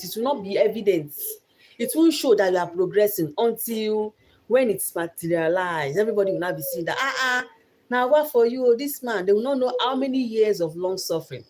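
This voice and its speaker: A woman's voice: medium pitch, animated, fairly quick, mellow, slight background noise. A young Nigerian woman giving an earnest motivational talk about her life, repeating phrases for emphasis. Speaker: vlogger.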